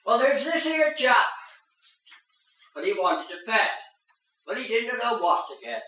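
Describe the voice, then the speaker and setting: A woman's voice: on the high side, very animated, a little slow, pushed and bright. A woman entertaining an audience with comic stories and funny verses, chuckling at her own punchlines. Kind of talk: comic storytelling and verse recital. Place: community hall for elderly audience. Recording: echoey hall, mic far off, faint noise.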